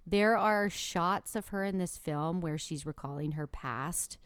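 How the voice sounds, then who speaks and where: A woman's voice: on the low side, unhurried, smooth, no echo, studio quality. A woman co-hosting a podcast, earnestly gushing praise in casual film review chat, with filler words. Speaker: podcast co-host.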